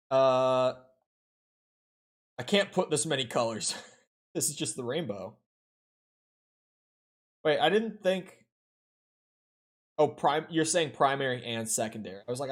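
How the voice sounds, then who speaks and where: A man streaming a game, chatting casually with viewers, rambling and joking with frequent laughs. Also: medium pitch. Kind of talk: casual chat with viewers while gaming. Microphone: headset or desk mic, wears headphones.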